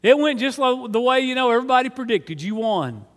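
A man's voice: extremely high pitch, lively intonation, fairly quick, a bit bright. A man preaching a sermon as pastor, earnest and conversational, often repeating words as he starts a phrase. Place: church sanctuary. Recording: long hall reverb.

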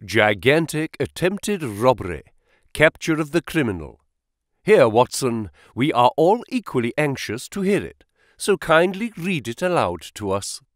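Brisk male detective read by a man, animated delivery, dry studio. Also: mid-range voice, no echo. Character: sharp, brisk male detective, reasoning aloud. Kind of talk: audiobook character reading.

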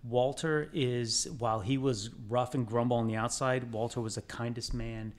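A man's voice: medium pitch, steady tone, normal speed. A man who works as a builder, a guest on a podcast, retelling a story as back-and-forth dialogue in casual chat. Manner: retells conversations as quoted dialogue.

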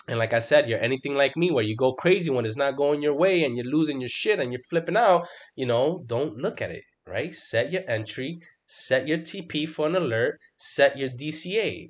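A middle-aged man hosting a trading livestream, talking in an emphatic, casual style full of swearing and "bro"s, now and then mimicking his own panicked outbursts. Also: a little high. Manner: emphatic, swears constantly, lots of "right?" and "bro". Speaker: trading stream host. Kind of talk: casual profane livestream chat.

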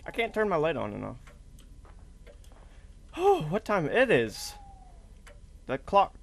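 A man giving let's play commentary on a horror game, jumpy and swearing a lot, screaming at the scares and talking loud on purpose to stay calm. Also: a little high, slow pace, gravelly, pauses often. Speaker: gamer playing a horror game.

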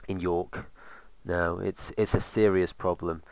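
A man's voice: low voice, level tone, measured pace, a little mellow, clear, resonant tone, no room sound. A man casually commentating while playing a game, rambling with sarcastic asides. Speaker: let's play host.

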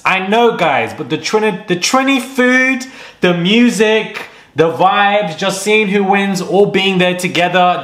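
A young man hosting a casual vlog, ranting energetically about a reality show with bursts of laughter. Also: a little high. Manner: energetic, animated, quick rants with laughs. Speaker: YouTube host. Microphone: desk microphone. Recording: echoey room.

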